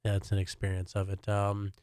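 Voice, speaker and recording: A man's voice: sits low, a little fast, a little hiss or hum. A middle-aged man from Alabama, a personal chef and podcast guest, chatting easily with lots of fillers. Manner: relaxed, chatty, many fillers. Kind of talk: casual podcast chat.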